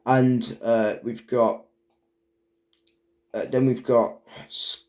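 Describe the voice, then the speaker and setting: Male narrator, mid pitch, halting delivery full of fillers and restarts. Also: steady tone, a little mellow. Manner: stumbles over words. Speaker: video narrator. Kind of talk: casual game commentary.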